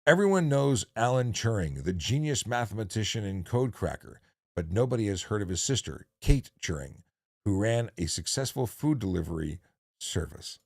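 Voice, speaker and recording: This ex-cop runs a laid-back livestream, his low, fry-tinged voice swinging widely in pitch at a normal pace. He rambles jokily, restarting, doubling back and correcting himself a lot, and the recording is dry and close with no room around it.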